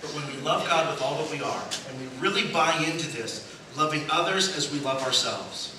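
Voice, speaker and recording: Slightly high-pitched and fairly quick, a male pastor tells funny stories during his sermon. He acts out each character's voice in quotes and laughs at his own punchlines. The echoey sanctuary audio was captured from far away and is noisy.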